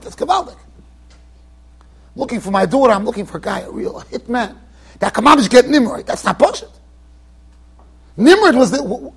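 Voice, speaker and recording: Man, rabbi, very high voice, husky, animated, joking, repeats phrases. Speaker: rabbi giving a Torah lecture. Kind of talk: informal Torah lecture. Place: yeshiva lecture hall.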